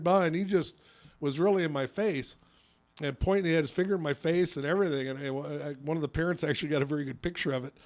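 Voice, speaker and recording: Man, radio talk host, softball coach, casual chat, rambling with restarts, fairly high pitch. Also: quick pace. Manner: rambling storyteller with many restarts.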